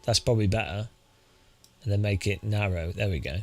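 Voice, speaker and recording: A man's voice: fairly low pitch, fairly quick. A man streaming live, testing and adjusting his studio microphone, joking wryly as he counts into it close up. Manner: rueful, joking, counting into the mic.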